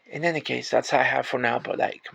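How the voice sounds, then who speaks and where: A heavily gravelly man from Puerto Rico rants to the camera about his retail job. He sounds exasperated and swears freely, often stumbling and restarting his words. His pitch sits in an ordinary middle range. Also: fairly even intonation, fairly bright tone. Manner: halting restarts when upset. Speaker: retail worker. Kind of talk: venting rant to camera.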